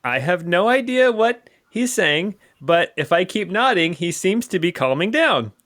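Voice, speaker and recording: A man voicing a cowardly small male goblin creature who whines in a squeaky, frantic voice. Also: big pitch swings, measured pace, fairly bright tone, heavily acted. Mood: nervous.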